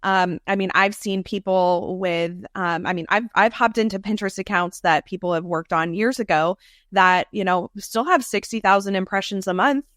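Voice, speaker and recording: A woman's voice: mid-range voice, fairly bright tone, no echo, clean studio sound. A woman talking as a podcast guest about marketing, enthusiastic in casual chat and often repeating her words. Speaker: guest, social media marketer.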